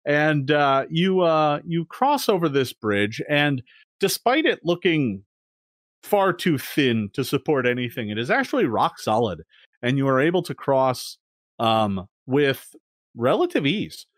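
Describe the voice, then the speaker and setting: Lively, hesitant male game master. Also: on the high side, measured pace, no echo, studio quality. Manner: hesitant, many fillers, laughs at the players. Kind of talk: narrating a tabletop game.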